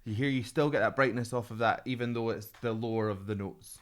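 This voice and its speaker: Male vocal coach, reaction commentary, smooth clear tone, mid pitch, analytical and keen. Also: brisk. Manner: analytical and enthusiastic, prone to laughing. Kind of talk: reaction commentary on a singing video.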